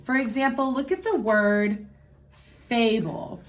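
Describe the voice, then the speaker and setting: A woman teacher giving a recorded lesson to young children, explaining worksheets step by step in a clear, patient way. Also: a little high, unhurried, fairly bright tone. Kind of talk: recorded remote class lesson.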